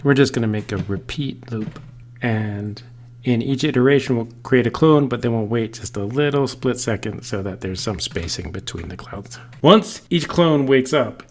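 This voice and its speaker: Man, coding tutorial voice, playful, jokey tangents, medium pitch, loud bursts on examples. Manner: playful, goes off on silly tangents. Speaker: coding teacher. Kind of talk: screen-recorded programming tutorial.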